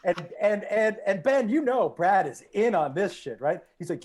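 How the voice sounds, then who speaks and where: A man casually telling a prank story with friends, animated and swearing, acting out what people said. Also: sits high, normal speed, few pauses. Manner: animated, swearing, acts out quotes.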